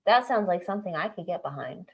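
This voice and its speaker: A woman co-hosting a casual livestream podcast, teasing and blunt, quick to jump to a new topic. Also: lowish voice, animated, creaky, breathy edge. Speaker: podcast co-host.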